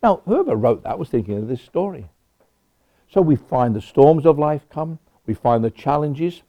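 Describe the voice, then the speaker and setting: A man's voice: fairly high pitch, animated, normal speed. A man preaching a sermon in a conversational way, with personal asides. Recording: dull lo-fi recording.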